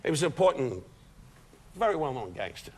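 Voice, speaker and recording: An older man, a guest comedian on a talk show, telling stories with brash, rapid insult wisecracks in front of a studio audience. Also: medium pitch, sing-song, darkish tone. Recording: noisy broadcast audio, audience laughter.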